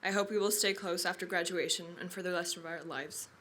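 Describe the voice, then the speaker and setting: A woman's voice: lowish voice, steady tone, brisk, bright, forceful tone, slight background noise. A young woman in her late teens giving a heartfelt graduation speech, thanking her family and friends. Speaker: graduating student. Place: outdoor graduation ceremony.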